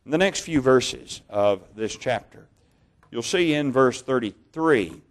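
A man preaching a sermon, reading Bible passages in a measured way, slowing down on key words and correcting his own slips. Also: mid-range voice, expressive. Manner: measured, slow over key words, stumbles on names and corrects himself.

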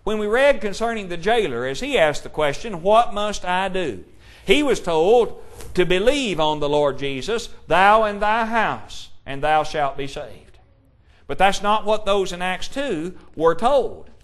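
A man preaching a sermon, reading scripture aloud and pressing his points with slow, deliberate emphasis. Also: high-pitched, expressive, a bit bright. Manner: reads scripture aloud in King James wording.

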